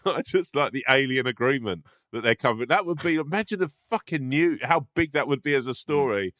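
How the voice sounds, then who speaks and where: A man's voice: mid-range voice, lively intonation, brisk, a bit bright, no room sound, studio quality. A man co-hosting a podcast, laughing often and swearing freely in casual comedic chat. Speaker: podcast co-host.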